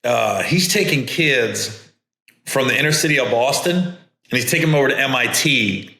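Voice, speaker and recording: A man's voice: mid-range voice, expressive, moderate pace, sharp tone. A man hosting a podcast, telling casual, rambling stories and mimicking other people's voices. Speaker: podcast host and comedian. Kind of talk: casual storytelling. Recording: echoey room.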